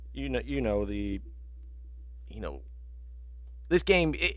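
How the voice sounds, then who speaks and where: A man's voice: medium pitch, creaky, fairly bright tone, no room sound. A man hosting a sports betting podcast, telling rambling, profane stories in casual chat with lots of fillers.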